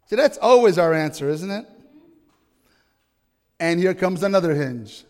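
A man's voice: high voice, expressive, measured pace, pauses often, darkish tone, long reverb tail. A man preaching a sermon to his congregation, emphatic and often asking them questions. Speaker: pastor. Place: church.

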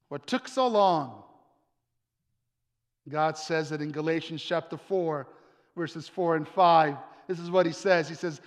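A male pastor preaching a sermon, dramatic, with emphatic repetition and drawn-out pauses. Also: a little high. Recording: long hall reverb.

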